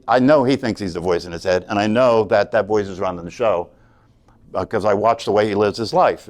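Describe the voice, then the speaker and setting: A man teaching a meditation class, talking earnestly and often checking in with "right?". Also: fairly low pitch. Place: class room.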